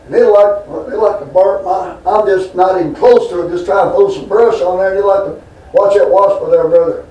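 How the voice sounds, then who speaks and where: A man preaches in a folksy, rambling way, telling homespun stories and turning to his listeners with asides. His voice sits high for a man. He sounds a little off mic, in a roomy, echoing hall. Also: a little fast, warm tone, distant mic. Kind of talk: folksy storytelling sermon.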